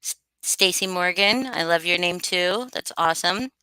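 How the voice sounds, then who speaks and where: A woman hosts a casual livestream, reading out viewers' names and swearing freely. Her voice is bright and crisp and sits a little low, recorded dry and close. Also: moderate pace, no echo. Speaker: livestream host.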